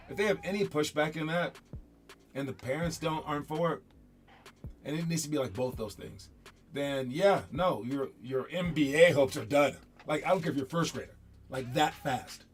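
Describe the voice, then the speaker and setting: A man, a basketball coach, giving a casual motivational talk, rambling and repeating words as he acts out what others say. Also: fairly high pitch.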